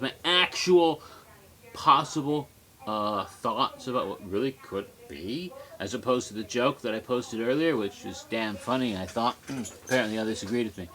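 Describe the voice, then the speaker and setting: A man's voice: lowish voice, fairly bright tone. A man rambling tipsily to his webcam in a casual monologue, easily sidetracked and giggly. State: tipsy. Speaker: vlogger.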